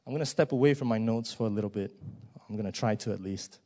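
This sermon comes from a man whose voice is on the low side and who talks fast. Rhetorical questions fill it, and his delivery moves between hushed words and loud, rising stresses.

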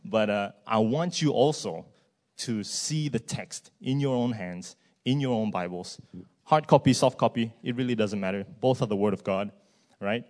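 A man's voice: lowish voice, moderate pace, darkish tone. A man, preaching a sermon in a church in a conversational way, with frequent fillers and a tag "right?".

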